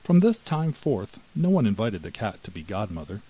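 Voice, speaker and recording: A man narrating a fairy tale in an expressive, measured storybook reading. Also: fairly low pitch, slightly rough, low-quality recording. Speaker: audiobook narrator.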